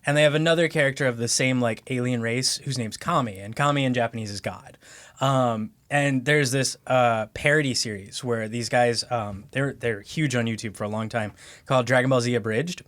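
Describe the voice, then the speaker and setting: A man's voice: mid-range voice, moderate pace, fairly bright tone. A man co-hosting a podcast, telling a long funny story in casual chat, laughing often. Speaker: podcast co-host.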